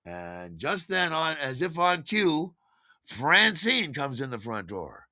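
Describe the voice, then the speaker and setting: A man's voice: on the high side, very animated, takes it slowly, bright, forceful tone, dry recording, studio quality. A man telling a long personal story in a wry, digressive, chatty way. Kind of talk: spoken storytelling monologue.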